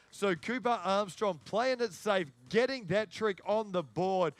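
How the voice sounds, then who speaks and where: A man giving excitable live sports commentary and hyping up the crowd. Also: high-pitched, measured pace, hardly any pauses, dry recording. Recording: faint music in the background.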